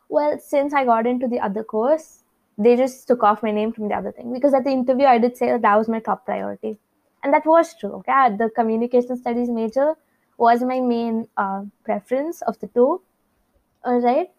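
A woman's voice: a little high, a little mellow. Chatty young woman, slightly lo-fi. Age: young adult. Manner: chatty, rambling, with many asides. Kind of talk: casual storytelling. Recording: slightly dull lo-fi recording.

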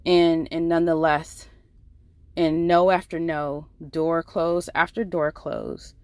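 A woman's voice: low voice, level tone, slow, a little mellow, clear, resonant tone, no room sound. A woman who works as an ICU nurse, giving a Bible devotional talk in an earnest, conversational way with many fillers and restarts. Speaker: devotional podcast host.

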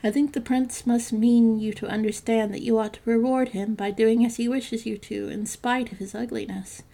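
A thoughtful older father speaks quietly and with care, as a woman reads him. The voice has a fairly high pitch and a gravelly grain. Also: fairly even intonation, normal speed.

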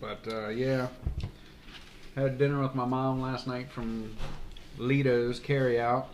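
A man co-hosting a food podcast, recounting a bad takeout order with dry sarcasm. His voice sits at an everyday middle pitch. A faint hiss sits under him. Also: fairly even intonation, takes it slowly. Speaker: podcast co-host. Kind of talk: casual chat over a meal.

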